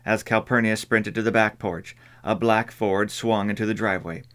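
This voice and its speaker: A man reading an audiobook in measured scripted narration. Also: fairly low pitch. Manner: measured, even storytelling.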